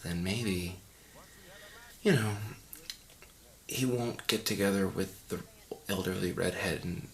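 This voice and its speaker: Man, deep voice, bright edge, pompous, condescending, rambling mock commentary. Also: vocal fry. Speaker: commentary host.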